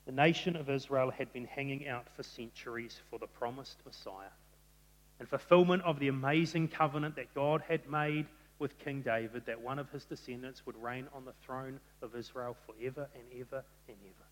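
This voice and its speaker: A man preaching a sermon, telling the story in an animated way and acting out the quotes. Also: mid-range voice, normal speed. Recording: long reverb of a large hall.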